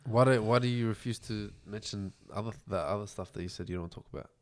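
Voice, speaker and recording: A man, interviewing a guest on a podcast in a relaxed way, with short questions and replies. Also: lowish voice, fast. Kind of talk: casual interview chat.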